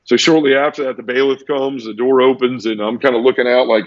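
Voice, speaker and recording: A man's voice: medium pitch, fairly even intonation, brisk, no room sound. A man telling a personal story as an interview guest, earnest and teary, often repeating words and restarting his sentences. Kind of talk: emotional personal storytelling in conversation. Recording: dull lo-fi dry sound.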